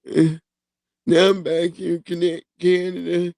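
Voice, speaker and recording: A man's voice: high-pitched, completely flat delivery, measured pace, gravelly, darkish tone, no echo. A man putting on the voice of a whiny, self-pitying young man who was deported. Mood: whining.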